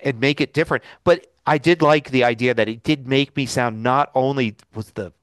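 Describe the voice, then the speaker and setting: A man's voice: mid-range voice, moderate pace, clean tone, no room sound. A man co-hosting a podcast, chatting casually in a rambling way with many fillers, recorded in a home studio. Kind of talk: casual chat.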